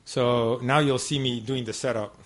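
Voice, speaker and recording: A man's voice: mid-range voice, fairly even intonation, normal speed, very noisy. A man giving a talk to an audience at a devotional center, telling a personal story in a conversational, meandering way with many asides. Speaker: guest speaker at a devotional center.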